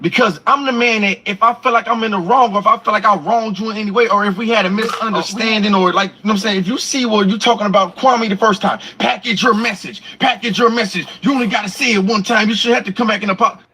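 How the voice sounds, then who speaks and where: Brief: young man, quick and defensive, bright husky voice. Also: sits high, steady tone. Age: young adult. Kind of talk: casual vlog talk.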